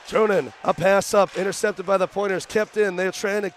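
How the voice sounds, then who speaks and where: A young man doing radio play-by-play for a college hockey game, rattling off rapid calls that rise into shouts on shots. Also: high voice, fairly even intonation, a little hiss or hum. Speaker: play-by-play announcer. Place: arena broadcast booth.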